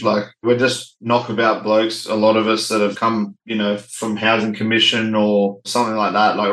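Field: laid-back Australian man, low voice, echoey room. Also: fairly bright tone. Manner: laid-back, knockabout, lots of "like" and "you know". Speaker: guest, former rugby league player. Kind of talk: casual interview chat.

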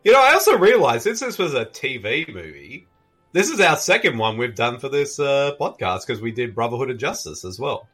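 A man co-hosting a podcast in casual chat, excitable and quick to laugh. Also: medium pitch, slightly rough, soft background music. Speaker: podcast co-host.

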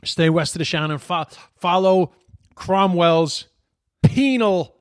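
A man's voice: high-pitched, takes it slowly, dry recording, studio quality. An Irish man hosting a casual podcast chat, rambling and swearing freely. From Ireland. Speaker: podcast host.

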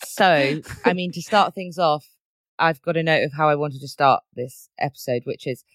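A woman's voice: deep voice, steady tone, normal speed, a bit bright, no echo, clean studio sound. A woman from Britain co-hosting a podcast, chatting casually and animatedly, laughing often and trying out silly impressions. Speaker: podcast co-host. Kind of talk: casual chat.

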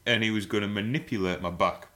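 A podcast co-host with a low, bright, forceful voice talks fast as he spins a rambling comic story in casual chat. He swears freely and laughs along the way.

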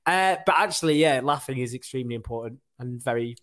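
A male podcast host chats casually with his guest. His voice sits at an average pitch, and he talks in loose, friendly runs, often laughing through his words. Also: quick pace, a bit bright. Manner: chatty, laughs while talking. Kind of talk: casual chat.

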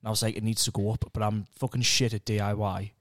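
Sweary lad, dry sound. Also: male voice, lowish voice, flat delivery, fast, no room sound. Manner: swears freely, tags sentences with "like". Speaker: podcast co-host. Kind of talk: casual chat.

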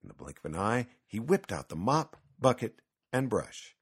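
A man reading a children's Christmas story aloud with lively, expressive storytelling. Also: fairly low pitch, moderate pace, breathy edge. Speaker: narrator.

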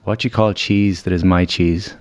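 A man's voice: low voice, steady tone, normal speed, a little mellow. A man, a podcast guest, telling anecdotes in casual chat and laughing often. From Ireland. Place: recording studio.

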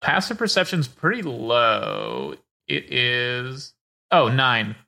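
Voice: medium pitch, huge pitch swings, slow pace, vocal fry, sharp tone. A tabletop player calling out rolls in an offhand, easygoing way. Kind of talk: casual tabletop play.

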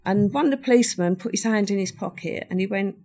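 Older woman, interview guest, vivid storyteller who voices the people she quotes, mid pitch. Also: quick pace, mellow. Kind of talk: recounting a true crime story.

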